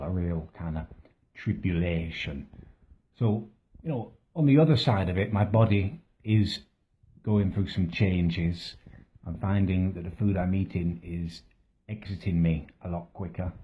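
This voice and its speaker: A man plays a crude, self-pitying bloke delivering a deadpan comic monologue to camera. His voice sits very low and sounds husky, and he rambles on in a flat, matter-of-fact way with muttered asides. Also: highs cut off, heavily acted. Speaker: comedy vlogger character.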